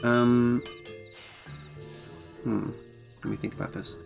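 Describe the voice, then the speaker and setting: A man's voice: mid-range voice, flat delivery, slow pace, gravelly, darkish tone, soft background music. A man streaming a game, chatting casually with viewers and reading game dialogue aloud. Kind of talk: casual game livestream chat.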